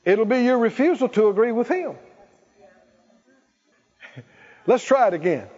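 A man's voice: very high-pitched, very animated, unhurried, darkish tone, husky, in a large hall. A man preaching a sermon, leading the congregation in call-and-response and laughing between points. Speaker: pastor. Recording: muffled church recording.

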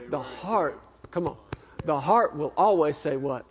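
A man preaching a sermon, asking the congregation questions, dropping to a hush and then rising in bursts. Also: a little high, a little slow. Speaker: pastor. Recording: dull lo-fi recording.

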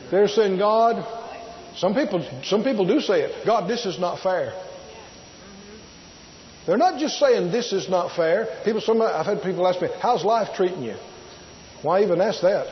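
A man with a high voice preaches a sermon, emphatic and drawn out, repeating key words and asking the congregation rhetorical questions. The audio sounds dull.

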